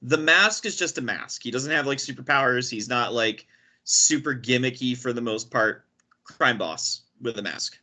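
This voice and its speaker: A man hosting a casual podcast, explaining comic book characters with quick, stammering restarts. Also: mid-range voice, bright, forceful tone. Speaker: podcast host. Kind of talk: casual chat.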